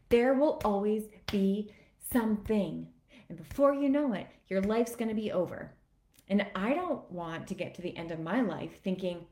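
A woman's voice: fairly low pitch, moderate pace, a little mellow. A woman fitness coach giving an earnest, emotional motivational talk on a live video. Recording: echoey room.

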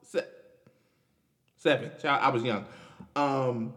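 A man's voice: fairly high pitch, wildly swooping pitch, takes it slowly, pauses often, a bit bright. A young man, hosting a casual podcast and commenting on news in a loose, chatty way with restarts and laughs. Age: 20s. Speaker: podcast host.

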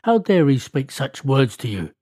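A man's voice: medium pitch, sing-song, normal speed, warm tone, no echo, clean studio sound. A man voicing a proud, indignant goddess in a read-aloud myth.

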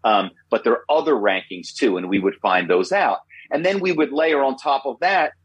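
A man in his fifties, a guest in an interview, telling stories in an animated way, often repeating himself and adding tag questions. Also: medium pitch, moderate pace, breathy edge, dry recording, lo-fi sound. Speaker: guest, former corporate spy. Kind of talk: interview storytelling.

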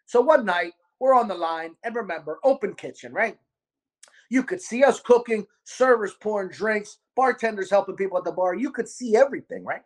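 Profane, animated man telling a story. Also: sits high, normal speed. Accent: Baltimore. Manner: animated, profane, acts out quotes. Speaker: podcast host, restaurant owner. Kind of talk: casual storytelling chat.

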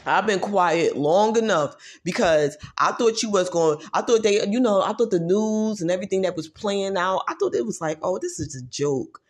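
A woman rants straight to her audience, profane and emphatic, hammering each point with repetition. Her voice sits at an ordinary middle pitch and jumps from loud, pushed outbursts down to low, muttered asides. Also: expressive, moderate pace, few pauses. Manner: profane, emphatic, repeats phrases for force. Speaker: vlogger. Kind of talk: heated ranting monologue.

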